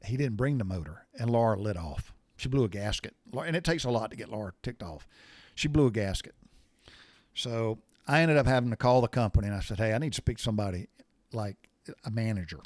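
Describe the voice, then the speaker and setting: A man's voice: on the low side, expressive, fairly quick, darkish tone, dry recording, studio quality. A middle-aged man telling a story in a casual, blunt, folksy way. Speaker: podcast host.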